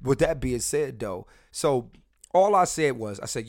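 A man's voice: mid-range voice, moderate pace, dry recording, studio quality. A man hosting a casual podcast, brash and profane, rambling and restarting his sentences as he tells stories. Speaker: podcast host.

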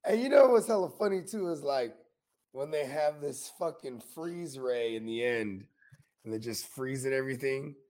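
A man's voice: mid-range voice, expressive, normal speed, a little mellow. A man co-hosting a casual chat, rambling in slang and often asking "you know what I mean". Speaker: co-host.

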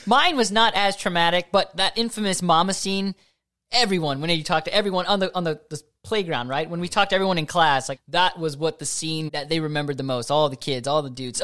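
A man in his thirties co-hosting a casual movie podcast, energetic and slangy, cracking jokes. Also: on the high side, fast talker. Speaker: podcast co-host. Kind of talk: casual chat.

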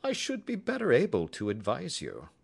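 Man doing a languid detective, dry, measured, raised pitch, lively. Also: gravelly, slightly rough, exaggerated voice.

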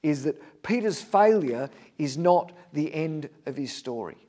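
A man preaching a sermon as a vivid story, his voice swinging between loud and hushed. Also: a little high, lively intonation, unhurried.

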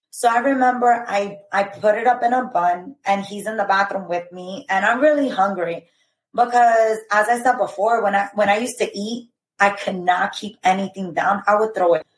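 A woman in her thirties speaks as a podcast guest with a middle-pitched voice. She retells her story earnestly and haltingly, leaning on "like" and "I remember" as she restarts her sentences. The recording has a roomy echo. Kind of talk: personal storytelling.

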